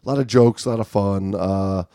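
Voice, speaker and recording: A man's voice: lowish voice, a little fast, dark tone, no room sound. A man co-hosting a diving podcast in casual chat, rambling with many restarts. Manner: rambling, restarts and filler-heavy. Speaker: podcast co-host.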